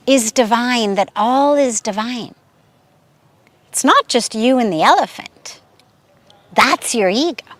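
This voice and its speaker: A woman's voice: high-pitched, a bit bright, no room sound, heavily acted. Woman doing a patient, wise old guru. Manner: patient, corrective, emphatic.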